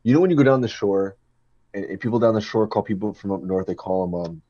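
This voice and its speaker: A man's voice: lowish voice, fast, dark tone, highs cut off. A man co-hosting a podcast, explaining things in a laid-back, loose casual chat. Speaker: podcast co-host.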